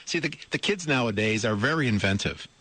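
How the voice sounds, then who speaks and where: A middle-aged man's expressive, mid-range voice, a little fast and a bit bright with a breathy edge, carries his radio talk show. Speaking into a studio microphone, he reads out a news story and remarks on it with amused disbelief, laughing as he goes, repeating words and posing rhetorical questions.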